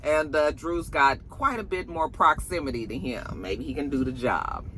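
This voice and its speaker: A woman casually recapping a TV episode in an animated, colloquial way, laughing often. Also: low-pitched, normal speed, a little hiss or hum. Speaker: TV episode reviewer.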